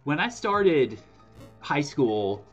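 Lively rambling man streaming. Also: very slow, dull audio, faint music behind. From Alabama. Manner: rambling, self-correcting, pitch swinging up when stressed. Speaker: game streamer. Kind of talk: casual stream chat.

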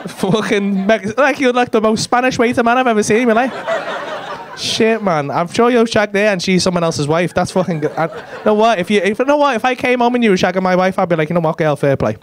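A male stand-up comedian, doing loud, sweary crowd work with the front row in a comedy club. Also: sits high, a little fast. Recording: live club recording with crowd noise. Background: laughing audience.

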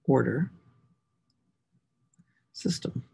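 A man teaching a math class, working through equations aloud and stressing key words as he writes. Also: extremely slow. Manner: talks to himself while writing equations, animated emphasis. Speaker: math instructor. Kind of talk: recorded class lecture.

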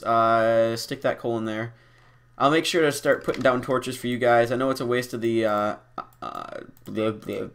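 A man's voice: mid-range voice, a bit bright. Guy rambling through a lets play, goofy, laughs at himself, lots of ums. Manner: rambling and self-mocking, with frequent fillers; playful and deliberately goofy. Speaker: gameplay commentator. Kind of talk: casual Let's Play commentary.

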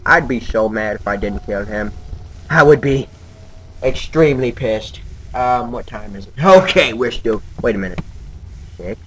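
A man's voice: medium pitch, expressive, a little slow, fairly bright tone. A man giving nervous, jumpy let's-play commentary while talking to himself. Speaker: gamer. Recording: noisy home game recording.

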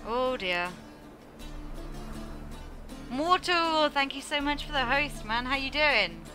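A woman's voice: high voice, animated, takes it slowly. Giggly English woman streaming a game. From England. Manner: chatty, giggly, swears casually. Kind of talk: casual live-stream chat. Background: game music.

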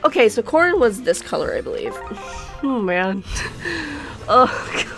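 Excitable young woman, lively high voice. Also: a little slow, vocal fry, long pauses, faint music behind. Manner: excitable, pleading and laughing often. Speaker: gaming YouTuber. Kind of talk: casual gacha summon commentary.

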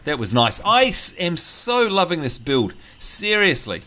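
A man's voice: a little high, big pitch swings, unhurried, sharp tone, a little hiss or hum. A man hosting a let's play, chatting casually and joking as he plays. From Australia. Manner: chatty, jokey, thinks aloud. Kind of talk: casual gameplay commentary.

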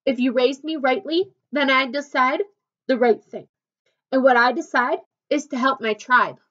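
A woman's voice: high voice, unhurried, a bit bright, dull audio. A woman voicing a young girl yeti in a storybook reading, earnest and determined.

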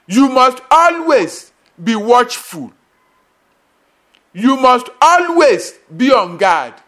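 A man's voice: extremely high pitch, a bit bright. A man preaching a sermon as pastor, emphatic and repetitive, with sudden bursts and drops.

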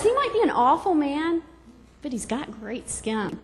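A woman's voice: high voice, very animated, brisk, big-room sound. A woman from Georgia doing stand-up comedy on a club stage, bubbly and giggly, chatty with the crowd.

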